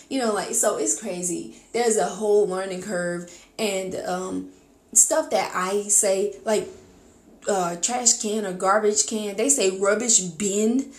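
A woman with a rural American accent, hosting a podcast and talking in a blunt, outspoken way, with lively outbursts. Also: medium pitch, moderate pace. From rural United States. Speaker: podcast host. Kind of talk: casual monologue. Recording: echoey room.

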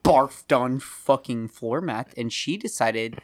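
A young man co-hosting a podcast, telling a rambling story with laughs, swinging between loud and quiet. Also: medium pitch, slow, dry recording, studio quality. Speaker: podcast co-host. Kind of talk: casual storytelling chat.

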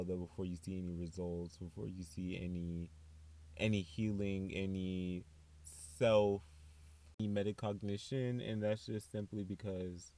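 A young man, hosting a casual solo podcast in a chatty, animated way with sassy asides. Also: lowish voice, dry recording. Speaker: podcast host.

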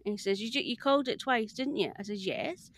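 A Scottish woman calls in remotely as a podcast guest with her camera off, speaking fast in a slightly high voice with no room sound. In casual chat she tells stories animatedly, laughs often, and acts out what other people said.

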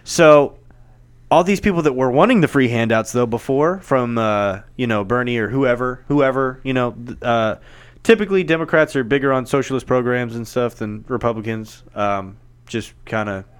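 Man co-host, clear resonant voice, loose swearing banter. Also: mid-range voice, normal speed. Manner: loose, profane, joking banter with laughs. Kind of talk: casual chat.

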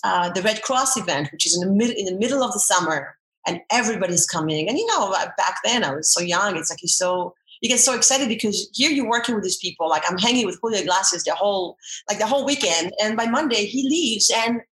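A middle-aged woman talking as an interview guest at an ordinary pitch, rambling through memories with frequent restarts. Her voice rings out with a roomy echo around it. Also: quick pace, few pauses. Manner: rambling, restarts often, animated storytelling. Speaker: guest, former dancer and army veteran. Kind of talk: casual interview chat.

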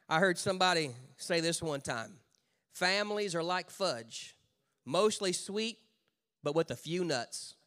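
A male pastor preaching a sermon, swinging from loud calls to the congregation to low, slow emphasis, with humorous conversational asides. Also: very animated.

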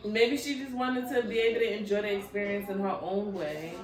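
A woman co-hosting a casual podcast, asking the questions in an expressive, playful way. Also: mid-range voice, distant mic, a crowd in the background. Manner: expressive, quick to laugh, asks the questions. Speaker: podcast co-host. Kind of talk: casual chat. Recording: roomy, off-mic.

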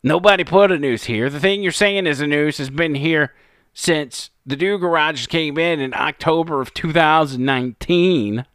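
A man's voice: a little high, normal speed, a bit bright, clear, resonant tone, dry recording, studio quality. A man giving sarcastic, mocking opinion commentary over clips.

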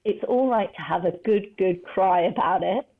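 A woman's voice: medium pitch, moderate pace. A woman working as a veterinary nurse, chatting casually in an interview and laughing often. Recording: tinny phone-like line.

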